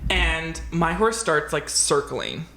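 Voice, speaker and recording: A woman co-hosting a podcast, telling a story in a casual, animated way, acting out quotes and swearing freely. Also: sits low, takes it slowly, gravelly. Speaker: podcast co-host. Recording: roomy echo.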